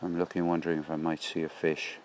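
A man's voice: rumbling low, completely flat delivery, quick pace, darkish tone, slight background noise. A middle-aged man musing aloud in a rambling spoken diary, recorded outdoors beside a stream on a handheld phone. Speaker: vlogger.

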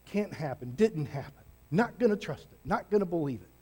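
Stubborn doubting Thomas, voiced by a male preacher in a sermon retelling. He speaks in a flat, unmoved way, refusing point by point, with a fairly high voice. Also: brisk, slightly rough.

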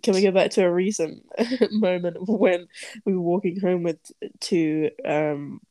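A woman's voice: on the low side, unhurried, mellow, no room sound. A young woman, co-hosting a casual chat podcast, blunt and darkly joking with some swearing. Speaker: podcast co-host.

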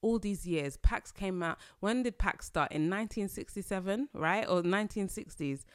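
A woman vlogger giving casual, animated commentary to her viewers, exclaiming often and laughing between points. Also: mid-range voice, normal speed, clean tone, no echo, studio quality.

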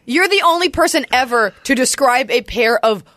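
A woman's voice: high-pitched, moderate pace, no echo. Wry woman guest on a podcast. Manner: wry, deadpan teasing. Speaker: comedian guest. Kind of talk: casual chat.

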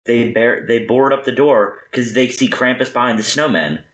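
A man's voice: mid-range voice, normal speed. A young man on a podcast, casually reviewing a movie and acting out its scenes. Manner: animated, acts out scenes in character voices. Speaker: podcast co-host. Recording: echoey room.

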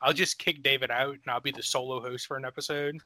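A man's voice: mid-range voice, steady tone, fast talker, bright, forceful tone, dry recording, studio quality. A man co-hosting a casual sports podcast, teasing his partner and laughing often. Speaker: podcast co-host. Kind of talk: casual chat.

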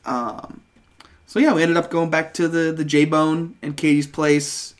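A man's voice: on the high side, little pitch movement, unhurried. A young man telling a rambling, profane story on a casual podcast. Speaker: podcast co-host.

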